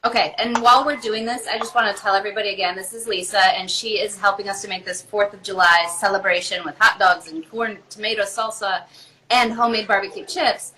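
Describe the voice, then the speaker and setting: A woman's voice: mid-range voice, steady tone, fast talker, pushed and bright. A woman in a mid-range voice hosts a cooking call from her home kitchen. She's eager and giggly and full of questions, with a faint noisy hiss behind the line. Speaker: host. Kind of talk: casual cooking show chat.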